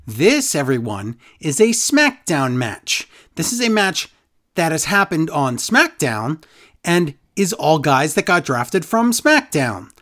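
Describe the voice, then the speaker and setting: A man's voice: a little high, big pitch swings, slow pace, fairly bright tone. A man co-hosting a casual wrestling recap chat, sarcastic and exasperated. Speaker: podcast co-host.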